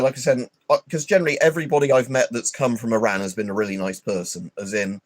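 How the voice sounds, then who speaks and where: A man's voice: medium pitch, steady tone, quick pace, dry recording. A man hosting a livestream, rambling and swearing in an opinionated, casual chat full of fillers. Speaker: livestream host.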